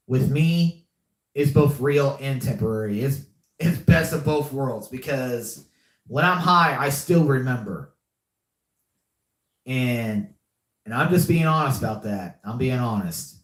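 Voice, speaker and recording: A man's voice: mid-range voice, animated, takes it slowly. A man hosting a casual live podcast, rambling and repeating himself with many fillers as he reads the chat. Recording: echoey room.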